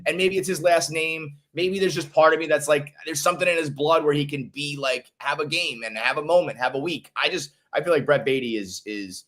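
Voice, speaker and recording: A man co-hosting a sports podcast, rambling and excitable in casual banter, swearing freely. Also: fairly high pitch, a little fast, hardly any pauses. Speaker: podcast co-host.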